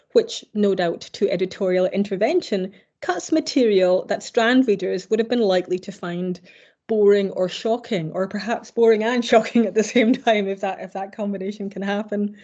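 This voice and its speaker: A woman's voice: medium pitch, moderate pace, mellow. Woman lecturing, dull lo-fi sound. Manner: hesitant, with frequent fillers and self-corrections. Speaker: keynote lecturer. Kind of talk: academic conference lecture. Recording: slightly dull lo-fi recording.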